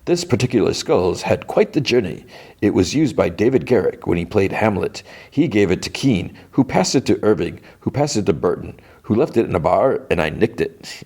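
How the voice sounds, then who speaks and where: A boastful aging actor. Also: male voice, fairly low pitch, sing-song, moderate pace, a little mellow, breathy edge, full character voice.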